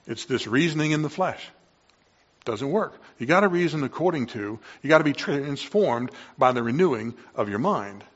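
A man preaching a sermon, moving between quiet reflection and loud, excited exclamations. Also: medium pitch, lo-fi sound. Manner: impassioned, swings from quiet to loud.

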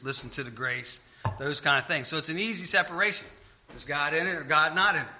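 A man giving an informal sermon in a folksy, rambling, self-deprecating way, slowing down when he reads scripture. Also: a little high, pushed and bright. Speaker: lay preacher. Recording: dull lo-fi recording.

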